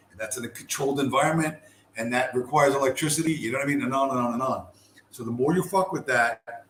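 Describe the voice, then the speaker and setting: A man's voice: medium pitch, fairly bright tone. Profane rambling man in echoey room. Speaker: podcast host. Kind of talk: casual rant. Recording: echoey room with faint ambient noise.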